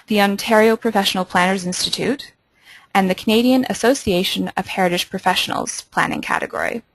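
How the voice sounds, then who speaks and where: A woman hosting a webinar with a gravelly edge to her voice, reading a formal introduction. The sound is dry and close. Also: mid-range voice, no room sound, rough recording. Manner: formal, scripted. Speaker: webinar moderator.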